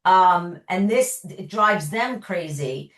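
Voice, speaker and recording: A woman's voice: on the low side, lively intonation, slow pace, a bit bright. A woman therapist answering questions, explaining with everyday examples in a conversational way. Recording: echoey room sound.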